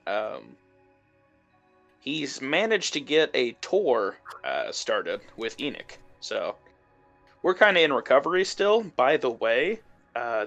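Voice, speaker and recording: A man's voice: mid-range voice, fairly bright tone. A man narrating as game master of a tabletop game, loose and chatty.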